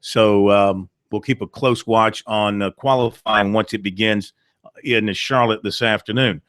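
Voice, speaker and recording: A man's voice: on the low side, fairly even intonation, measured pace, a bit bright, smooth, dry recording, clean studio sound. A man hosting a sports talk radio show, reading out news items with fillers.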